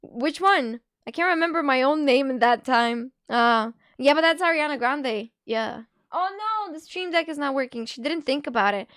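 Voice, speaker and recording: High-voiced giggly woman streamer. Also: animated, a bit bright, no room sound, studio quality. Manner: chatty, giggly, full of "like" and quick asides. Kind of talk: casual live-stream chat.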